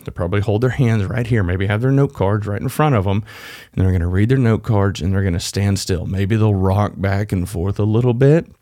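A man with a Texan accent talks through tips on his own podcast and coaches listeners directly. His voice sits low and sounds warm and mellow. The recording is dry and close, with no room sound. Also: fairly quick, no room sound. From Texas. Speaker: podcast host. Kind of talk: solo podcast tips talk.

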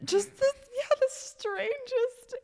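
A woman co-hosting a casual podcast, chatty and quick to laugh. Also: very high-pitched, creaky, warm tone, in a large hall. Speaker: podcast co-host, coffee shop co-owner.

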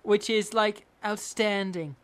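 A man doing an impression of a vapid young female socialite, gushing in a breathy valley-girl way. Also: sits high, steady tone, slow, voice pushed up.

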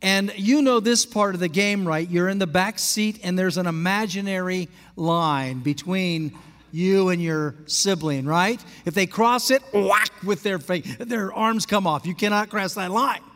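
A male pastor from Alaska telling a story in a sermon. He is animated and asks the congregation questions. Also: high-pitched, measured pace. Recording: long hall reverb.

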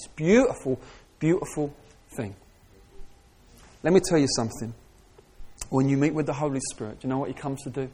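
A middle-aged man preaching a sermon, moving between soft reflective asides and raised, passionate calls. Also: medium pitch, brisk, pauses often, husky.

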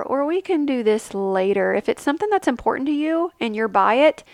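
A woman in her thirties, a mother, chatting casually in a vlog and giving tips with an animated, storytelling manner. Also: fairly quick, hardly any pauses, dry recording. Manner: chatty, animated, acts out quotes with big pitch jumps. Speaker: family travel vlogger, mother.

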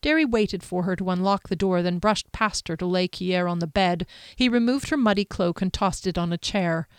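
A woman narrating a fantasy novel in a steady storytelling manner. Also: fairly low pitch, moderate pace, clear, resonant tone, no room sound, studio quality. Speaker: audiobook narrator. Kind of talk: scripted narration.

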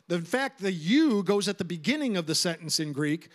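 A man's voice: high-pitched, expressive, fairly quick, hardly any pauses. A middle-aged man preaching a sermon as pastor, emphatic and conversational, repeating phrases for stress.

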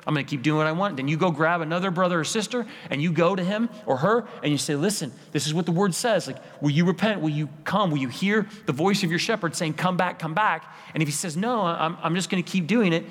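A man's voice: a little high, fast, hardly any pauses. A man preaching a sermon as pastor, in an earnest, pleading tone with repeated rhetorical lists. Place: church sanctuary. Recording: church hall with long reverb.

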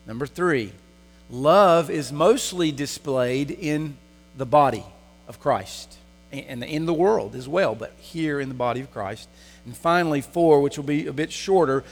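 A man preaching a sermon in a church, asking the congregation rhetorical questions. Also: mid-range voice. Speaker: pastor. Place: church sanctuary. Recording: long hall reverb.

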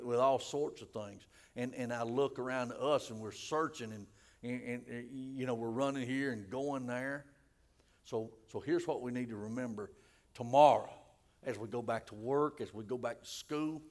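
Man preaching a sermon, gravelly voice, stammering repeats, loud emphatic bursts. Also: mid-range voice. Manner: repeats words, rises to loud emphatic peaks. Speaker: pastor.

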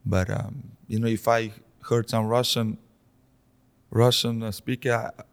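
A man with a Slovenian accent and a fairly low voice chats casually as a podcast guest. He talks in a relaxed way, repeating words as he hunts for the right phrase in his second language. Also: a little slow, vocal fry. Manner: relaxed, repeats words while finding them. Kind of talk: casual conversation.

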